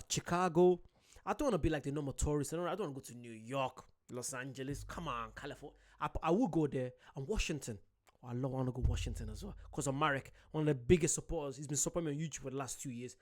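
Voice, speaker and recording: A young man who grew up in Ireland gives casual, excitable reaction commentary, swearing and laughing at himself. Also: a little high. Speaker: reaction video host.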